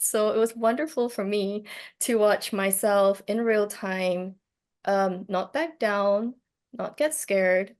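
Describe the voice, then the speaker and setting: A woman telling a personal story in casual talk, reflective and hesitant, with many fillers and restarts. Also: mid-range voice. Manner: reflective, gently animated when telling a story. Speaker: speaker on plant medicine.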